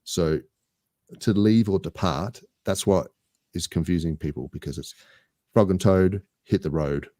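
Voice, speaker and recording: An Australian man with a very low, deep voice chats casually on a podcast. He rambles and jokes at his own expense. The sound is close and dry, with no room around it. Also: a little slow, warm tone, no room sound. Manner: jokey, rambling, self-mocking. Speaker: podcast co-host. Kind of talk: casual banter.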